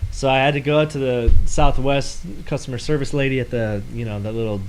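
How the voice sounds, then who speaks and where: Man, podcast co-host, mid-pitched voice, laughs a lot as he tells a story, faint background noise. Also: steady tone, brisk, poor audio. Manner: laughs often, recounts a mishap. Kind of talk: casual chat.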